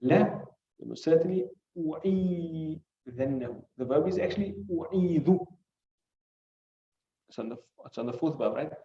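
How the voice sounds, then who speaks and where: Fast and expressive, a man with a fairly high voice teaches hadith in a classroom setting. He moves through the Arabic one word at a time, asks rhetorical questions, and recites classical Arabic between English lines, recorded muffled in an echoey space.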